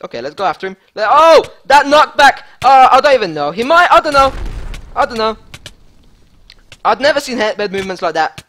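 Hyped high-voiced male gamer. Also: a little fast. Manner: excitable, hyped, repeats phrases. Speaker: gaming YouTuber. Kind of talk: live gameplay commentary.

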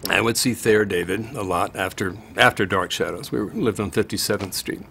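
A man in an interview, reminiscing in a halting way about a former neighbor. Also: fairly low pitch, creaky, a bit bright, a little hiss or hum.

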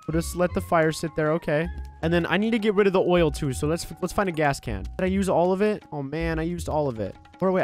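A young man giving excited gameplay commentary while playing a baby, with frequent yelps and gasps. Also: on the high side. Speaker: gaming YouTuber.

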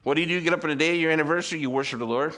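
A middle-aged male pastor with a fairly high voice delivers a sermon to his congregation. He builds to loud, emphatic peaks, then drops to quiet, intimate asides, peppering his sermon with rhetorical questions and calls for amen. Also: racing. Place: church service with congregation.

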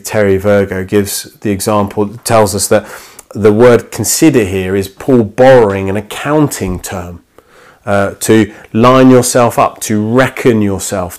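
A man's voice: lowish voice, a little mellow. A man preaching a sermon in a church, in a conversational way that acts out little quoted exchanges.

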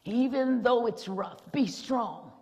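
Woman preaching, high voice, rhythmic repeats and shouting, long church reverb. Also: slow. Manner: rousing, rhythmic repetition, rising to shouts. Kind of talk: sermon. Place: church sanctuary.

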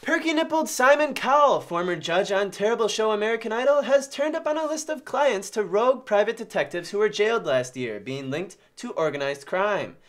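A man's voice: sits high, lively intonation, a little fast, few pauses, a bit bright. A young man co-anchoring an amateur spoof news show, delivering crude headlines dryly. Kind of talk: parody news reading.

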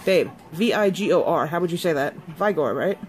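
A woman vlogger chatting casually through an unboxing, excitable and gushing over each product. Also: on the low side, a little fast, slight background noise.

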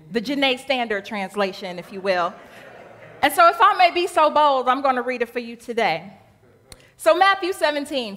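A woman minister preaching a sermon in a colloquial, animated style with rhythmic repetition, in a church sanctuary. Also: on the high side. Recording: long church reverb.

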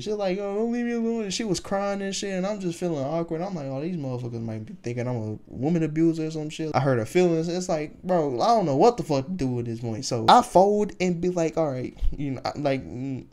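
A man's voice: on the high side, expressive, quick pace, hardly any pauses, a little mellow. A young man telling a casual storytime, swearing freely and rambling with lots of fillers. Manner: profane, rambling with many fillers.

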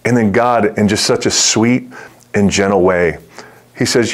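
A man's voice: fairly low pitch, a little slow. A middle-aged male pastor preaching a conversational sermon, often repeating words as he starts sentences and acting out the voices in his stories. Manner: acts out quoted voices in the story.

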